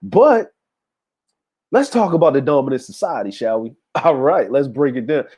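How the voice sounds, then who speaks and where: A man's voice: medium pitch, animated, moderate pace, mellow, husky. Laid-back man hosting a casual stream. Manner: laid-back, laughing, talks to chat with many fillers. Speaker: show host. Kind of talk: casual livestream commentary.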